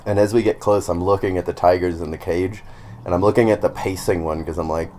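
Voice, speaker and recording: Deep-voiced man telling a story casually. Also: fairly even intonation, fast, a little mellow, a little hiss or hum. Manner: storytelling, swears freely, laughs often. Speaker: podcast co-host. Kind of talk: casual chat.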